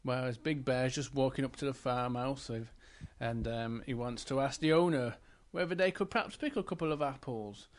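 A man telling a children's story, gentle and encouraging, asking the children questions. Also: medium pitch, moderate pace.

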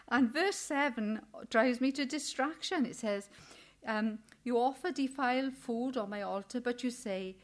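An older woman leads a Bible study in an earnest, chatty sermon style, her voice a little high and her pace moderate. She often closes her points with tag questions and animatedly acts out indignant quotes in this informal sermon.

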